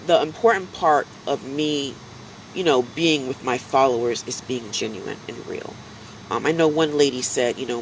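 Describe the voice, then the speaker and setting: A woman talking casually to her followers on a live stream, telling animated stories full of fillers, a little drowsy from allergies. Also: low voice, a little hiss or hum, poor audio. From United States. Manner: chatty, animated storytelling, many fillers.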